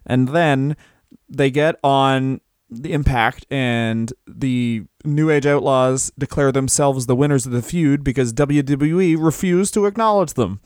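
A man's voice: medium pitch, unhurried, a little mellow, clear, resonant tone, no room sound, studio quality. A man co-hosting a comedy podcast, riffing loosely and swearing often in casual chat. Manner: riffing, profane, jumps into mock voices. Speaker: podcast co-host.

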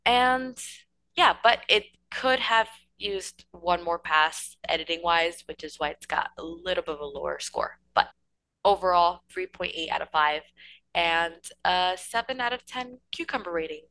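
Bright, low-voiced woman reviewing a book. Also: moderate pace, no echo, poor audio. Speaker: podcast guest. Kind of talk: casual book review chat.

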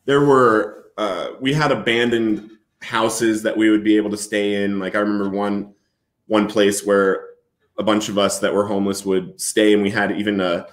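A man as an interview guest, telling a personal recovery story in an earnest, halting way with many restarts. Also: fairly low pitch, little pitch movement, echoey room.

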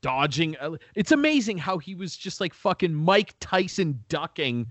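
A man's voice: a little high, big pitch swings, normal speed, fairly bright tone, no room sound. A man in casual podcast chat, ranting with constant swearing and frequent laughs. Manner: profane, ranting, laughs often.

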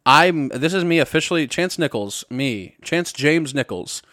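This young podcast host from Missouri, USA, sounds high, bright and forceful, with lively intonation and a slightly slow pace. In studio-quality audio with no echo from a podcast mic, he delivers a casual comedic rant that's profane and rambling, repeatedly breaking off for jokes.

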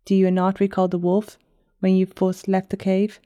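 A woman voicing a calm, smug enchantress who can turn into a wolf, speaking in cryptic warnings. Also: medium pitch, moderate pace, no room sound, highs cut off, close to an everyday voice. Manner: calm, cryptic, mildly mocking.

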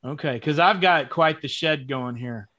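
A man's voice: a little high, moderate pace, bright, forceful tone, lo-fi sound. Joking host man, raised voice. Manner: jokey, self-deprecating. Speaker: podcast host. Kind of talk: casual interview chat.

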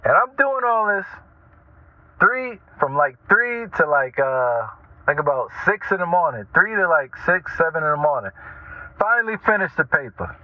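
Guy rambling through stories, kinda high voice, sounds like its over a phone. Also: normal speed. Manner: animated, chatty, keeps asking "right?". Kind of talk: casual storytelling monologue. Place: lives in Norfolk, Virginia. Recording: tinny phone-like line, dry.

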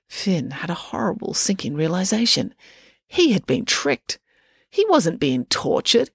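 A woman with a fairly low voice reads a children's chapter book aloud. She reads steadily and clearly. The recording is dry and close to the mic. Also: sing-song, unhurried, no room sound. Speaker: storyteller reading a children's book. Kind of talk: storybook read-aloud narration.

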